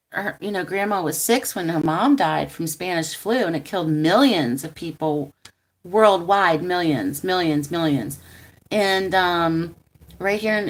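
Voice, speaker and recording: A woman, a tarot reader chatting casually on a live stream, rambling with ums and frequent laughs. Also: lowish voice. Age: 40s. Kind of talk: casual rambling livestream chat.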